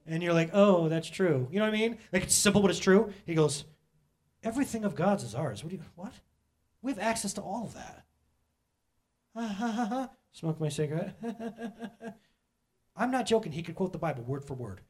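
A middle-aged male pastor telling a personal story in a sermon to his church, animated and self-mocking, often laughing. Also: high-pitched, normal speed.

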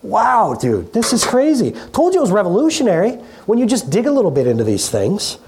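A middle-aged pastor preaching in a relaxed, conversational way in a church, often repeating words and laughing at themself. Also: medium pitch, fairly quick, a little hiss or hum. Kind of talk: conversational sermon. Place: church hall.

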